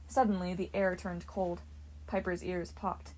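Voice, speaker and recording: A woman's voice: fairly low pitch, little pitch movement, unhurried, darkish tone, low-quality recording. Woman narrating an audiobook.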